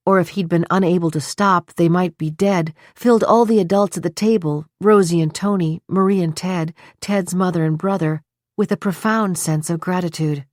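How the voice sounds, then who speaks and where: A woman with a low, grounded voice reads a suspense novel aloud in a measured, steady way. Her voice is dry and close, with no room around it, and she gives the characters' lines their own colour. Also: no room sound. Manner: even, measured storytelling with voiced dialogue. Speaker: audiobook narrator. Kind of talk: scripted narration.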